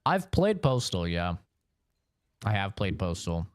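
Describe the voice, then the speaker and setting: A man's voice: low-pitched, big pitch swings, slow pace, clean tone, no room sound, clean studio sound. Casual, profane male game streamer. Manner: rambling, profane, answers chat with frequent "you know". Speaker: gaming streamer. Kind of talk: casual live-stream chat.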